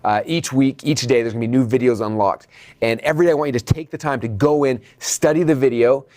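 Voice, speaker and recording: A man teaching an online business course in an energetic, motivational style, speaking straight to the viewers and often checking in with "okay?". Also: mid-range voice, fast talker. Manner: addresses viewers as "you guys". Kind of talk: motivational video training.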